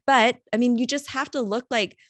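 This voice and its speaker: A woman guest on a podcast, chatting in a lively, emphatic way and laughing often. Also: a little high, moderate pace, no room sound. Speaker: podcast guest, mortgage professional. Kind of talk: casual podcast chat.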